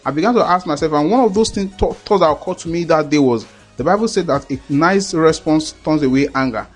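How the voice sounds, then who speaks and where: A man's voice: fairly high pitch, a little fast, breathy edge, soft background music. A man preaching a sermon in an earnest, repetitive way, often checking that listeners understand.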